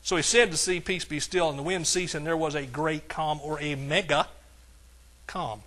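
A man preaching a sermon as pastor, with emphatic lines that swing from soft to hollering. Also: a little high, fairly even intonation, moderate pace.

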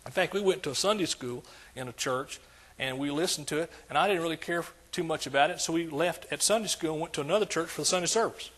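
A man's voice: on the high side, quick pace, a bit bright, slightly rough. An older man preaching a sermon as pastor, emphatic and repetitive in his cadence.

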